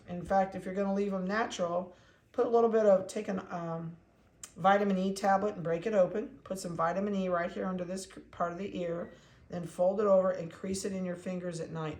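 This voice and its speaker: A woman's voice: fairly low pitch, steady tone, brisk, darkish tone, roomy sound. A woman dog breeder talking casually through a video update, chatty and cooing to the puppies.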